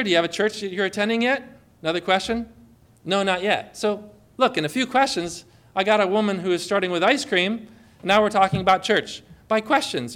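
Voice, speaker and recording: A man's voice: high voice, fairly bright tone. A man from Connecticut giving a conversational sermon, telling stories and asking rhetorical questions. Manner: storytelling, full of rhetorical questions. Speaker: preacher.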